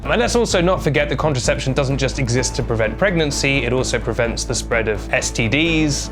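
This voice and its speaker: A young man hosting a comedic online news show, delivering stories with sarcastic, jokey asides. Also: medium pitch. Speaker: host.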